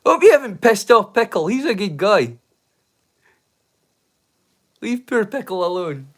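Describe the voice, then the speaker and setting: A man's voice: high voice, big pitch swings, unhurried, long pauses. A Scottish man chatting casually with live viewers, teasing and swearing freely. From Scotland. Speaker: live streamer.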